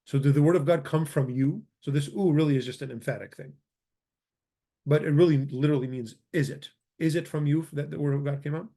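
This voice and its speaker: A man's voice: on the high side, steady tone, gravelly, mellow. Man teaching grammar, methodical repetition. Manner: methodical, repeats example words slowly. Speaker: language teacher. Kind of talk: grammar lesson walkthrough.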